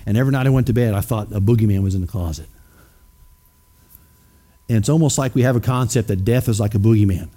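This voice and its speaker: A man's voice: lowish voice, quick pace, pauses often, dark tone. A man preaching a sermon, emphatic and questioning his congregation directly. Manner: acts out skeptics in mocking voices.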